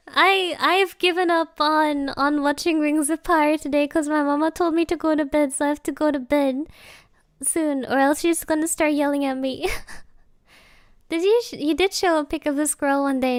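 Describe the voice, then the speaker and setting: Very high-voiced giggly woman streamer. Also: no room sound, studio quality. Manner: giggly, rambling, playful. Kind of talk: casual live-stream chat.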